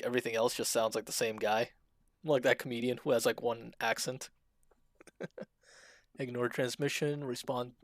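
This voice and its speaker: A man chats through a live game stream in a flat, dry delivery, reading menu choices aloud as he goes. His voice sits in a middle pitch, and the recording is close and dry with no room sound. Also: dry recording. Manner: self-described monotone, dry delivery; chatty, reads game options aloud.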